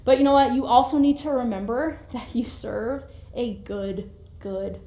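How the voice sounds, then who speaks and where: A young Canadian woman giving a sermon-like motivational talk, animated and quick to act out voices with sudden jumps in pitch and loudness. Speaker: speaker giving a devotional talk. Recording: roomy echo.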